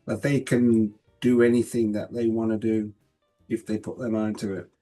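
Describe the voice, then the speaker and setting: A man's voice: lowish voice, level tone, normal speed, mellow, soft background music. A man with a London accent, a guest talking casually over a video call, hesitant and full of filler words. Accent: London English. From London, England. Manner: hesitant, many fillers and restarts. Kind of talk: casual interview chat.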